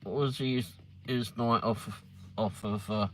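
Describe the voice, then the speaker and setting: A man's voice: fairly low pitch, fairly even intonation, slow. A man hosting a casual live stream, chatting to viewers by name and swearing freely. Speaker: livestream host. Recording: noisy, with vehicle noise behind.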